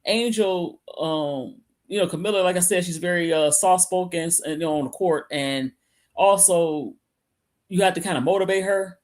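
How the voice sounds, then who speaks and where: A woman's voice: fairly low pitch, normal speed, darkish tone. Woman talking hoops over a call, sits back from the mic, rambles and restarts a lot. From Michigan. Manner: rambling, restarts often, casual slang. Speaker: sports podcast co-host. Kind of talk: casual sports chat. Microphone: computer, away from the mic. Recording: remote call audio, from off-mic.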